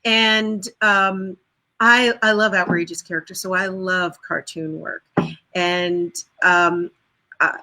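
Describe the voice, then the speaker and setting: A woman vocal coach chatting over a video call. Her voice is bright and forceful, with an enthusiastic, animated delivery that keeps slipping into playful voices. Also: on the low side, takes it slowly, low-quality recording. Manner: enthusiastic, animated storyteller who slips into voices. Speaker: singer and vocal coach, guest. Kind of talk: casual interview chat.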